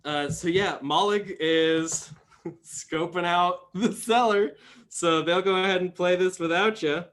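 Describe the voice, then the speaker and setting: A man's voice: high-pitched, slow pace, fairly bright tone. A young man running a tabletop game as game master, rambling with many fillers and restarts.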